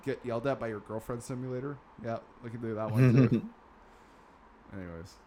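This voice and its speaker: A man's voice: mid-range voice, fast talker, mellow. A man hosting a casual gaming news podcast, sarcastic and swearing now and then. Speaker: podcast host.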